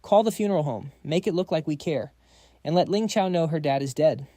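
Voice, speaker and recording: A man's voice: fairly high pitch, a little fast, warm tone, dry recording, clean studio sound, close to an everyday voice. A man voicing a sly scheming uncle. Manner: sly, snapping.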